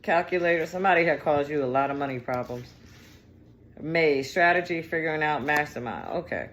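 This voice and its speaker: A woman's voice: low voice, animated, brisk, background noise. Chatty, cussing woman reading tarot. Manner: chatty, digressive and profane, with slang. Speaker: tarot reader.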